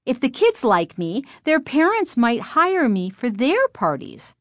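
A woman voicing a cocky, sarcastic young girl who performs with a ventriloquist dummy, in a high, lively voice. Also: measured pace, dry recording, clean studio sound, exaggerated voice. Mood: smug. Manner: sarcastic, self-assured.

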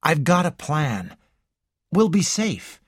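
An audiobook reader voicing a tense young man who speaks with urgent, bitter insistence, pitched higher than the reader's own voice and very lively. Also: takes it slowly, slightly rough, no echo, studio quality, full character voice.

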